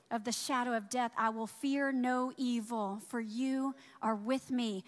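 A woman pastor preaching a sermon, climbing loud and high on key points and dropping low and quiet to quote scripture. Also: steady tone, moderate pace, few pauses.

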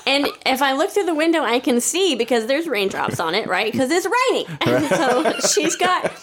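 Woman, podcast host, casual storytelling, slightly high voice, emphatic. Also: sing-song, moderate pace, noisy background.

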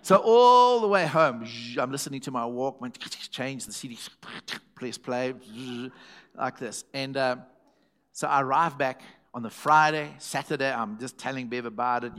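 A middle-aged man preaches by way of a personal story. His pitch sits in a middle range. He slips into the voices of the people he quotes. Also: fairly bright tone. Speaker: pastor. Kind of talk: storytelling sermon.

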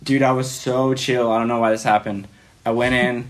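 A man's voice: mid-range voice, little pitch movement, moderate pace. A man telling a story as a podcast guest in casual, rambling speech full of fillers, often laughing.

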